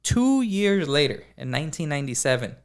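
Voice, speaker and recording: A man co-hosting a podcast, telling a story in a casual, animated way with lots of filler words. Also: a little high, brisk, smooth. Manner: animated, acts out dialogue, many fillers like "like". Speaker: podcast co-host.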